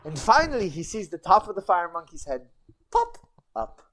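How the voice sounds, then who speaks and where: Woman, streamer storyteller, deep voice, broken goblin-style grammar, rambling asides, very lively pitch. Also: fairly quick, slight background noise. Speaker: streamer telling stories. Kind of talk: casual livestream storytelling.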